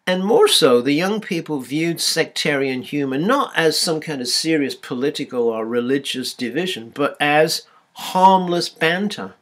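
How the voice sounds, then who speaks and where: A man's voice: on the high side, expressive, measured pace, hardly any pauses, a bit bright. A man giving a university lecture, hesitant and full of ums and restarts.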